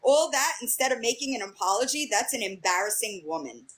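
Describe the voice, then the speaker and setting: A woman's voice: fairly high pitch, expressive, fairly quick. A young woman hosting a livestream, bluntly retelling an argument line by line with plenty of swearing. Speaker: livestream host. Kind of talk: casual livestream rant.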